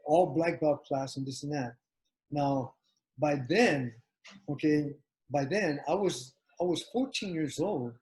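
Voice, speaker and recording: An older man tells a story from his youth in a loose, rambling way. He keeps restarting his sentences and slips into the voices of the people he quotes. His voice sits a little high for a man. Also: darkish tone, rough recording. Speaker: martial arts champion telling his story. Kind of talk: casual spoken reminiscence.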